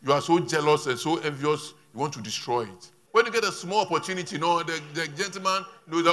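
A male pastor, preaching a sermon with emphatic rises and quiet asides. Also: fairly high pitch, quick pace, hardly any pauses.

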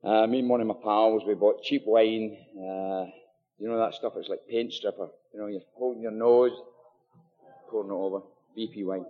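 A man's voice: fairly low pitch, fairly even intonation, normal speed. Scottish man speaking in an echoing hall. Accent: Scottish, Glasgow area. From Scotland. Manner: chatty, joking, full of fillers and asides. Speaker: AA meeting speaker. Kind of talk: personal recovery talk at a meeting. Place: meeting hall with audience. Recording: dull live recording in a long-echo hall.

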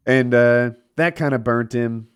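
A man chatting casually about politics on a podcast, animated and laughing easily. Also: medium pitch, a little slow, smooth. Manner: animated, laughs often, trails off.

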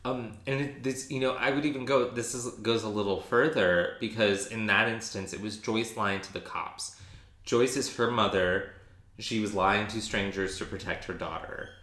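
A lowish, bright-voiced man talks through a TV episode in a loose, animated way, stopping and restarting his sentences. The room around him gives off a clear echo. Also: normal speed. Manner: chatty, animated, frequent restarts and ums. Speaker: podcast co-host. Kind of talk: casual recap chat.

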